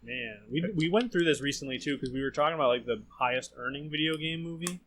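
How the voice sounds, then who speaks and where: A man's voice: on the high side, fairly bright tone. A man co-hosting a podcast, steering the chat with questions and laughing often. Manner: laughs a lot, agrees with quick "right, right". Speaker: podcast co-host.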